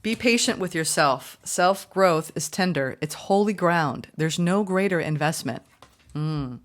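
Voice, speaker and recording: A woman reading tarot for her viewers, chatty and upbeat, often gushing with excitement. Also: on the low side, unhurried. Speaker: tarot reader.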